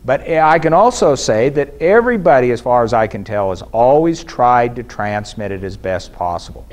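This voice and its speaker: A man giving a measured, explanatory academic lecture at a conference, pausing now and then with fillers and restarts. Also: medium pitch, animated, a little mellow. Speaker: scholar giving a conference presentation. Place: conference hall.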